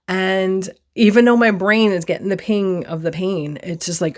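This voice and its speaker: A woman telling a personal story on her vlog from her desk, expressive and acting out her own reactions. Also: medium pitch, normal speed, few pauses. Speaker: vlogger.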